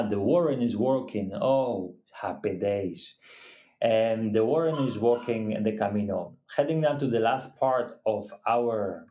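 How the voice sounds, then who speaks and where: Echoey, halting man chatting on a livestream. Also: lowish voice, darkish tone. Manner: halting, with restarts, non-native phrasing. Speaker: co-host of a livestream. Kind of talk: casual livestream chat. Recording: echoey room.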